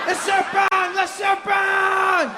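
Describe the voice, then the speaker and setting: A man voicing a panicked French father, shouting with a French accent. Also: very high voice, monotone, slow pace, over a noisy crowd, heavy background noise, voice pushed up. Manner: frantic shouting.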